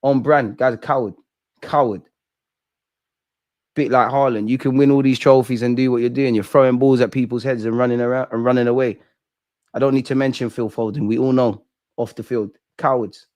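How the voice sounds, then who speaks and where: A young man hosting a live football watch-along, reacting with slangy banter that swings from loud shouting to low muttering. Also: fairly even intonation, brisk, highs cut off. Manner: slangy banter, swears at the screen. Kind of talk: live match reaction commentary.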